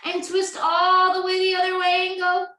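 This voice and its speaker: A woman's voice: extremely high pitch, monotone, moderate pace, bright, forceful tone. A woman leading a children's story time, reading a picture book, singing and coaxing young kids to join in. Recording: echoey room, distant mic.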